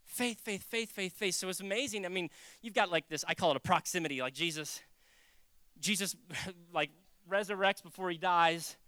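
A preacher giving a casual, animated sermon, jumping into acted quotes and joking with the congregation. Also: mid-range voice, moderate pace, clean tone, no echo. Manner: animated, acts out quotes, jokes. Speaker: pastor. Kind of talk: conversational sermon.

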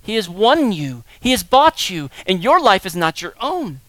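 A man preaching as pastor, swinging between soft, low passages and loud, high-pitched emphasis. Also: very animated, moderate pace, dry recording. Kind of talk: sermon.

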